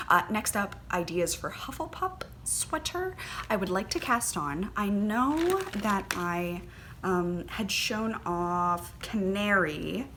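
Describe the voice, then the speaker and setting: A woman hosting a knitting podcast, chatting casually and gushing excitedly, with plenty of fillers and little gasps. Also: mid-range voice, slight background noise. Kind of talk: casual chat.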